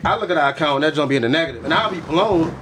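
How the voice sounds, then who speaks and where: A man's voice: on the high side, animated, racing, a bit bright, soft background music. A man co-hosting a podcast, laid-back and swearing freely in casual chat. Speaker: co-host.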